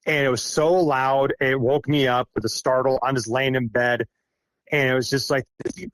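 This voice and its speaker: A young man from Iowa, a forestry contractor, recounts his experiences as a podcast guest in a halting, rambling way with frequent restarts and chuckles. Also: mid-range voice, steady tone, a bit bright, no room sound. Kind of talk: casual storytelling interview.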